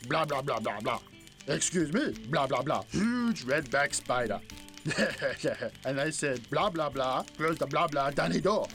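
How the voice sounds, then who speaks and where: A jolly joke-teller in a video game. His voice sits a little high, chatty and full of chuckles. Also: animated, measured pace, fairly bright tone, faint music behind. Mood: jokey. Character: jolly male outback joke-telling trader.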